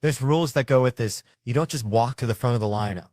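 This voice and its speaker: A middle-aged man telling profane, animated stories as a stand-up comedian. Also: mid-range voice, fast, dry recording, clean studio sound. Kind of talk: stand-up storytelling.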